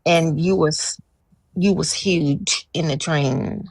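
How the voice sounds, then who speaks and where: A woman's voice: low-pitched, slow pace, gravelly, husky. A woman in a casual live video chat, telling a long dream story and acting out the people in it. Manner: animated storyteller, acting out quoted dialogue. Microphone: video call.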